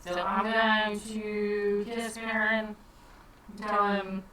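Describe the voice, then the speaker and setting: A woman's voice: mid-range voice, flat delivery, very slow. Easygoing woman player at a game table. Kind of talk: casual chat at a tabletop game. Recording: echoey room, far from mic, crowd chatter behind.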